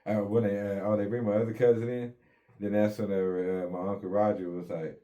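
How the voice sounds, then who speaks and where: A man's voice: on the low side, normal speed, mellow. A man casually telling his own story in an interview, in laid-back street slang with plenty of swearing, acting out what people said.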